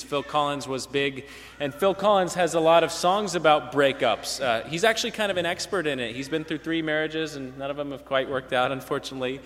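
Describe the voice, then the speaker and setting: A man with a fairly high voice gives a relaxed, storytelling sermon to his congregation. He keeps turning to his listeners with little "right?" check-ins. His voice rings out with a long reverb tail in a big church sanctuary. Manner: storytelling, relaxed, frequent "right?" tag questions. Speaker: pastor. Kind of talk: conversational sermon.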